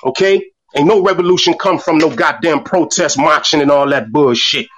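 Angry, high-voiced man on a phone line, profane and repetitive. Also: moderate pace, fairly bright tone. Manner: fiery, profane, repeats words when worked up. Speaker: speaker in an online voice room. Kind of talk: impassioned rant. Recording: distant, breaking-up phone audio.

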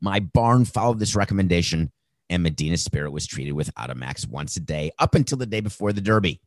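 A sports talk host with a very deep, low voice, delivering sarcastic and incredulous commentary. The sound is dry and close to the mic, with no room echo. He mocks as he talks and breaks into laughter. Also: expressive, fairly quick.

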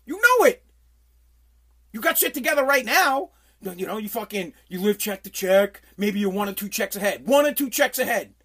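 Brief: forties New guy, radio regular, blunt profane rant, swings loud. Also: very high voice. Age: 40s. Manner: profane, blunt, loud bursts when riled. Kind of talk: casual rant.

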